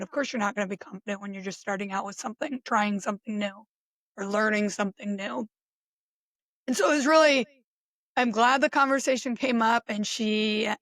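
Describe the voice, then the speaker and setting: A woman's voice: medium pitch, a bit bright, no room sound. A woman thinking aloud in a loose, unscripted personal reflection, talking conversationally with many restarts and little laughs. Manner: musing, conversational, with frequent restarts and short laughs. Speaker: self-reflection podcaster.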